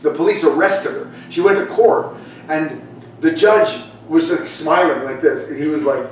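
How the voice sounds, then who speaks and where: Older man, pastor, chatty storytelling sermon, slightly raised pitch, echoey room, mic at a distance. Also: normal speed, slight background noise. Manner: storytelling, chatty asides and restarts. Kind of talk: conversational sermon. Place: church sanctuary, echoey room.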